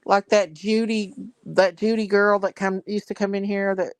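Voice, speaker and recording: A woman's voice: medium pitch, normal speed, clear, resonant tone, no echo. A woman hosting a casual livestream, chatting and reading viewer comments aloud. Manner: chatty, reads viewer comments aloud, Southern-style grammar. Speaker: livestream host.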